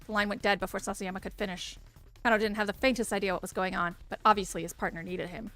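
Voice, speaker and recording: A woman reading game narration aloud in an even storytelling manner. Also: mid-range voice, fast talker, soft background music. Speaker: let's-play narrator.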